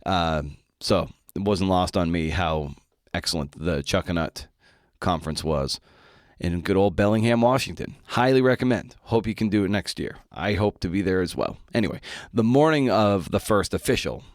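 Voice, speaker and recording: Man, podcast host, very low voice, dry close sound, casual slangy chat. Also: expressive, moderate pace, no room sound. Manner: laid-back, slangy and chatty.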